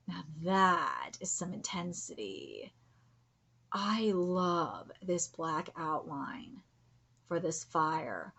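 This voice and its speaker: A young woman reacts live to comic pages, gushing and swearing freely. Her husky voice rises and falls in a lively way. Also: lowish voice, very slow, highs cut off. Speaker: reaction streamer.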